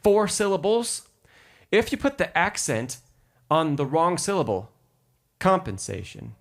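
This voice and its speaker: A man teaching piano in a live-stream lesson who patiently explains rhythm, counts beats aloud and answers chat questions. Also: mid-range voice.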